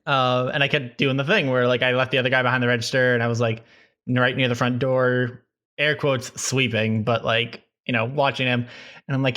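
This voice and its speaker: A young man co-hosting a podcast, telling retail stories in an animated, casual way, laughing often and swearing freely. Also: mid-range voice, brisk. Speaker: podcast co-host. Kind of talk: casual chat.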